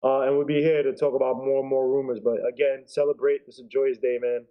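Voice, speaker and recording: A man's voice: medium pitch, level tone, fast. A man in loose, joking banter as a co-host of a sports talk show. His voice sits mid-range, and it comes through dull and lo-fi, as if over a remote connection. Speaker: co-host, fan commentator. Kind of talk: casual chat.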